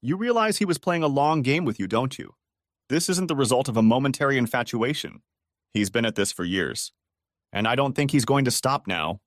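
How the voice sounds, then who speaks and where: A man voicing a calm otherworldly male spirit guide who asks steady, probing questions. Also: mid-range voice, a little fast, no room sound, clean studio sound, natural voice. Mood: earnest.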